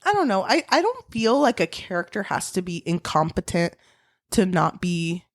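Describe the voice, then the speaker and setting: A woman's voice: fairly low pitch, sing-song, moderate pace, no echo, studio quality. A woman co-hosting a book podcast in casual chat, candid and opinionated, swearing casually. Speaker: podcast co-host.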